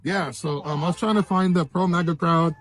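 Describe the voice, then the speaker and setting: A man at a rally answering questions in a street interview, calm and steady with fillers. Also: on the high side, brisk, slight background noise. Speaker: rally attendee being interviewed.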